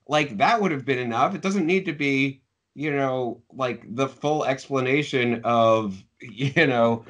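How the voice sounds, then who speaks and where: A man's voice: medium pitch, expressive, measured pace. A man from Canada co-hosting a casual film review podcast, rambling good-humoredly and laughing often. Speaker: podcast co-host.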